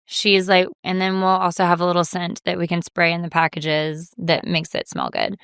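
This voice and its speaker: A woman's voice: fairly low pitch, lively intonation, normal speed, fairly bright tone, clean tone, no room sound, studio quality. A woman guest in a casual interview, chatting and often quoting herself and others. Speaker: reality TV guest.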